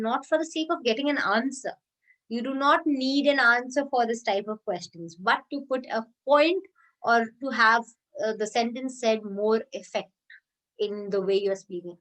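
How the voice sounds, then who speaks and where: A woman teaches an online lesson. She explains each point with spoken examples, pausing on fillers and restarting her sentences. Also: fairly high pitch, a bit bright. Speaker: English teacher. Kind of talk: online video lecture.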